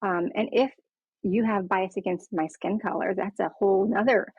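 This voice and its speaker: A woman's voice: medium pitch, steady tone, normal speed, slightly rough, dry recording. A woman frankly and earnestly telling her own story in a conversation, acting out the people she quotes. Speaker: patient sharing her story. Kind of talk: candid personal storytelling conversation. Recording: dull lo-fi dry sound.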